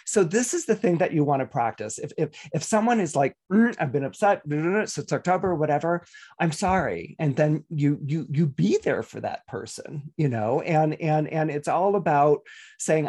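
A man's voice: fairly high pitch, darkish tone, slightly rough. A middle-aged man giving a weekly horoscope talk as an astrologer, chatty and full of fillers and restarts.

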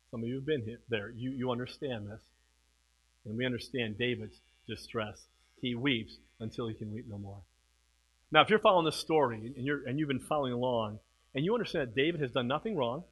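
A middle-aged man preaching a sermon, swinging from hushed, slow passages to loud, emphatic ones. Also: a little high, low-quality recording. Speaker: pastor.

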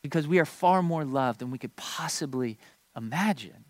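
A man's voice: on the high side, animated, moderate pace, no echo. A man in his thirties preaching a sermon, telling a family story with playful asides to the congregation. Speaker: pastor.

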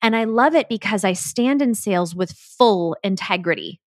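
A woman's voice: medium pitch, lively intonation, moderate pace, no echo. An enthusiastic woman delivers a solo podcast monologue with emphatic, motivational energy. Her voice is recorded dry and close, with no room sound around it. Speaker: podcast host and business coach.

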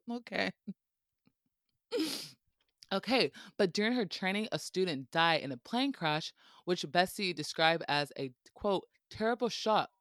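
Playful and chatty, this podcast host tells history casually, tossing in jokes and laughing often. The mid-range voice is a bit bright, and the sound is dry and close.

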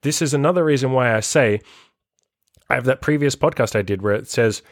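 A man's voice: medium pitch, fairly quick, no echo, clean studio sound. Blunt, profane male coach. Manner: blunt and profane, with frequent "like" and acted quotes. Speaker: self-improvement coach and podcast host. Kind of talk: casual motivational monologue.

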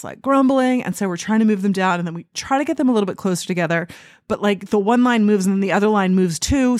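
A woman who hosts a podcast as a wedding photographer, telling a story in a chatty, animated way full of fillers. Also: mid-range voice, no echo, studio quality.

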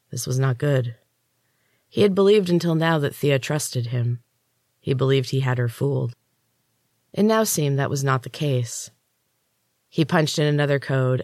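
A man, a podcast host and author, narrating his own dark fantasy story in a measured, even way. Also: mid-range voice, dry recording, clean studio sound.

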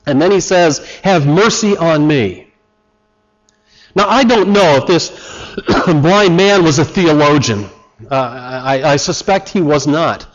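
A man preaching a sermon with passion, acting out loud cries and dropping to quiet, earnest tones. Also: on the high side, animated, a little slow, muffled recording. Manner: impassioned, dramatic, acts out cries. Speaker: pastor.

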